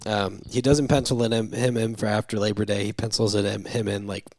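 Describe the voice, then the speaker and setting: A young man co-hosting a film podcast who walks through the plot in a chatty way and slips into the characters' lines. His voice sits a bit low, and the sound is dry and close. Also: little pitch movement, brisk, darkish tone, no room sound. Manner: retells scenes, acting out the lines. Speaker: podcast co-host. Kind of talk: casual movie-review chat.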